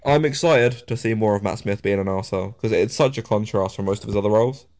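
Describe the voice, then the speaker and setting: Chatty English man, lower voice. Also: fast, darkish tone. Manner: chatty, storytelling, laughs often, swears freely. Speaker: podcast co-host. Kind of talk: casual podcast chat.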